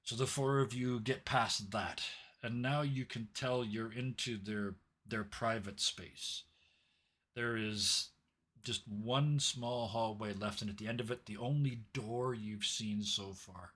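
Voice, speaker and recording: A man's voice: lowish voice, steady tone, takes it slowly, a bit bright, slightly rough. A young adult man narrating a tabletop game as game master, storytelling with added sound effects.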